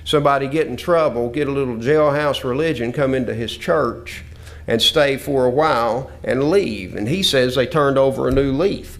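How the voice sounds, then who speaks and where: A man with a drawl delivers a sermon lesson in a voice of ordinary middle pitch. He quotes scripture earnestly and circles back to repeat his points. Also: gravelly. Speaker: preacher.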